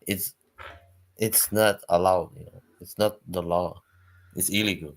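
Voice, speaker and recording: Man, Quebec French accent, French native speaker, lowish voice, casual chat, halting English. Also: slight background noise. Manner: animated, broken English, mock quotes in high voice.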